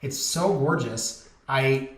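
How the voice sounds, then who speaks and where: A man's voice: medium pitch, slow pace. A man working as a real estate agent, chatting candidly and wandering off topic as he goes over listings. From Canada. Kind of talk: casual market commentary over listings. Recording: echoey room with faint noise.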